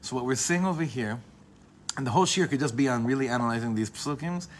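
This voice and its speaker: A man giving an informal Torah class to a live group, talking in a discursive way, often breaking off and restarting his sentences, and slowing down to repeat key phrases. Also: mid-range voice, slight background noise. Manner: leans on a phrase by repeating it slowly. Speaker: Torah teacher.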